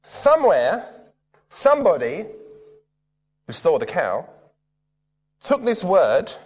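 In a slow, husky voice that is still high and lively, swooping up and down, a man preaches a sermon. He talks casually and repeatedly questions his listeners. Long reverb from a big hall follows him.

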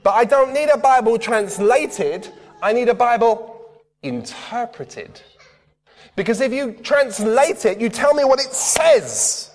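Taking his time, a man preaches in a high, animated voice that rises and falls. His delivery is casual, and he keeps asking the audience questions. The long echo of a big hall lingers behind him.

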